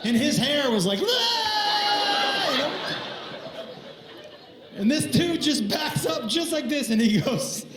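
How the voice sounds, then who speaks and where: A male stand-up comedian telling a story excitedly, laughing through his lines and acting out the sounds, on stage in a comedy club. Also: extremely high pitch, unhurried, long pauses. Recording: echoey club with crowd noise.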